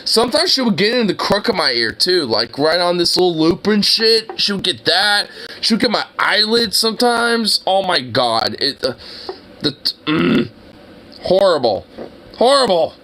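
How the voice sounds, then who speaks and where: A young man reacting to videos, excitable and exclamatory, laughing and swearing often. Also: high voice, moderate pace.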